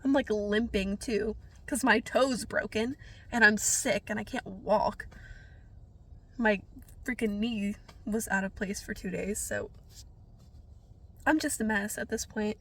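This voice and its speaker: A woman's voice: mid-range voice, fairly even intonation, slow, pauses often, a bit bright. A young woman vlogging casually to camera while sniffly from being sick, rambling and self-deprecating with lots of filler words. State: sniffly from a cold.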